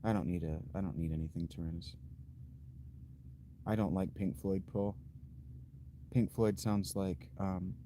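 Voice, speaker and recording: Low, mellow-voiced man chatting with viewers. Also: steady tone, a little hiss or hum. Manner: unhurried, thinks aloud with fillers and restarts. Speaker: livestream host. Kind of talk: casual chat reading viewer comments.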